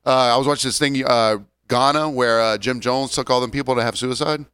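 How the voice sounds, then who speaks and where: A man's voice: medium pitch, fairly even intonation, brisk, a bit bright, clean tone, no room sound, clean studio sound. A man in his forties chatting casually on a podcast, ranting wryly and joking. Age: 40s. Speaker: podcast co-host. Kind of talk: casual chat.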